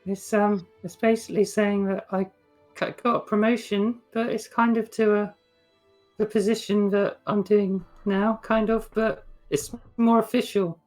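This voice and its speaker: A woman's voice: mid-range voice, little pitch movement, unhurried, a little mellow, faint music behind, low-quality recording. A woman playing a tabletop game in character, bookish and a little hesitant, explaining things with small stumbles. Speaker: player.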